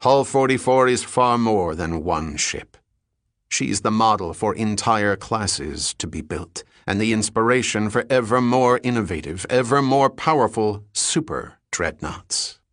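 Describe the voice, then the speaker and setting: A man's voice: on the low side, animated, unhurried, a bit bright, dry recording, studio quality. A man voicing a grandiose, intense male naval captain, speaking with emphatic, building declamation in an audiobook reading. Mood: fervent.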